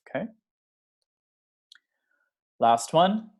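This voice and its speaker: Man teaching pronunciation, slow and careful. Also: medium pitch, animated. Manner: slow, careful modeling of example phrases; checks in with "okay?" and "right?". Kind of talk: pronunciation lesson.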